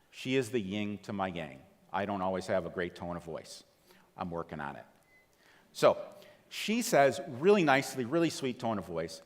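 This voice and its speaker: Man, TEDx stage speaker, lively storyteller who acts out the voices he quotes, mid pitch, hall reverb. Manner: animated storytelling, acts out quoted voices, asks the audience questions. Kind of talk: storytelling talk to a live audience. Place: large auditorium.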